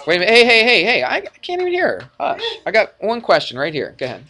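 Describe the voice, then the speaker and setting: A male math teacher lecturing a class in a classroom, energetic and jokey, often checking in with the students. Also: high-pitched, fast. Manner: energetic, jokey, asks frequent check-in questions.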